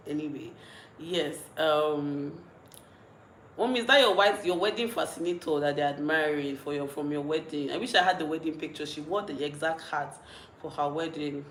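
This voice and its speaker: A young Nigerian woman with a Nigerian accent, chatting casually on a livestream, reading out comments and rambling with frequent giggles and restarts, a little tipsy and mellow. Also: low voice, normal speed, roomy sound, a little hiss or hum, low-quality recording. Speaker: vlogger.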